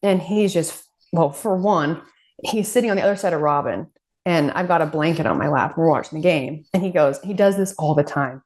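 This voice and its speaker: Low-voiced woman co-hosting a chat podcast. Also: a little fast. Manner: animated storytelling, acting out quoted voices and laughing. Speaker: podcast co-host. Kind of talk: casual chat.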